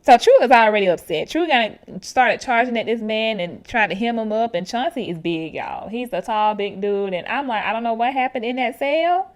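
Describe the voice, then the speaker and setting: A woman's voice: on the high side, expressive, moderate pace, few pauses. A woman hosting a podcast, chatting casually and animatedly with slang and frequent laughs. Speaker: podcast host recapping a reality show. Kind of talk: casual chat.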